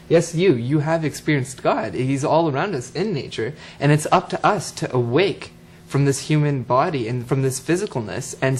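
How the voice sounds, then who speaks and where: A man in a mid-range voice talks through spiritual ideas in a thoughtful, casual way. He uses everyday examples. A faint hum sits in the background. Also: medium pitch. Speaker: co-speaker on spirituality.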